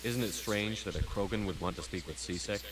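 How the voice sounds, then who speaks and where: A man as a blunt, deep-voiced commander. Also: a little fast, background noise, close to an everyday voice. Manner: blunt, clipped, businesslike. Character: terse, determined male military commander. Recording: game audio with loud music.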